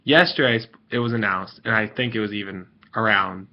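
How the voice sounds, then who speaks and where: A man's voice: lowish voice, moderate pace. A man hosting his own video, ranting in a rambling, irritated way with lots of fillers and restarts. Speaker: video host ranting to viewers. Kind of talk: casual vlog rant. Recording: dull lo-fi recording.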